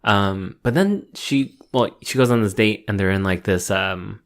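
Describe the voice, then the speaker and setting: A man's voice: on the low side, a little slow. A man co-hosting a podcast, rambling casually about a reality show with many ums and restarts. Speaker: podcast co-host.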